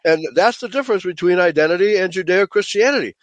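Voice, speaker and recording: High-voiced emphatic man lecturing. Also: animated, quick pace, no echo. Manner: emphatic, checks in with frequent "okay?"; addresses listeners as "folks". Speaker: Bible teacher. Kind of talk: Bible study lecture to a group.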